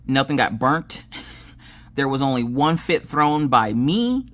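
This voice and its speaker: Extremely low-pitched and slow yet very animated, this Southern American woman hosts a crafting channel, chatting as she works. She's a chatty storyteller who spins lengthy family tales, voicing what each person said and cursing freely.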